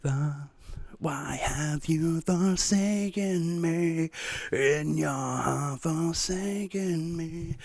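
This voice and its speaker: A man putting on a slow, hushed, pleading voice as a whispered role-play. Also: a little high, vocal fry, no room sound, voice pushed up, exaggerated voice. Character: dramatic whispering male supplicant, pleading.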